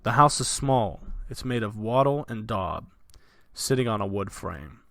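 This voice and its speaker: A man's voice: on the low side, expressive, a little slow, creaky, a bit bright, no room sound. A man narrating as the dungeon master of a tabletop game, in loose, vivid narration full of fillers.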